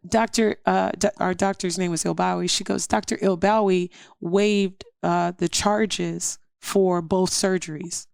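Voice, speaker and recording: A middle-aged woman sharing a personal testimony as a podcast guest, animated and acting out the voices in her story. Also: mid-range voice, vocal fry, dry recording, clean studio sound.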